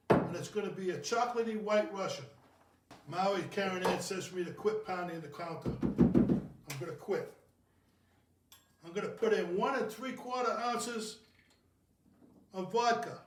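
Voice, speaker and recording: A man with a high, light voice rambles and jokes about himself while mixing a cocktail at home. He sits back from the microphone, so the kitchen's echo rings around his talk. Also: a little slow, long pauses, distant mic, heavy background noise. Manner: jokey, rambling, self-mocking. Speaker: cocktail show host. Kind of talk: casual home cocktail video. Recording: roomy, from off the mic.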